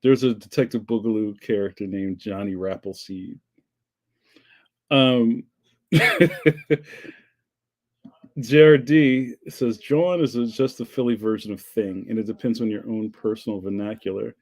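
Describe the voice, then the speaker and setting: Hosting a livestream, a man from Philadelphia, US, talks casually through viewers' comments, joking, rambling and laughing frequently. His voice is on the low side and a little mellow, with a steady tone, a slightly slow pace and frequent pauses.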